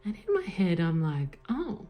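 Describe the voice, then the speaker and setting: A woman vlogger telling an emotional personal story, excited and swearing, full of fillers and whispered asides, recorded on a tablet. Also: lowish voice, unhurried. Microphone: tablet mic. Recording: lo-fi tablet recording, faint music behind.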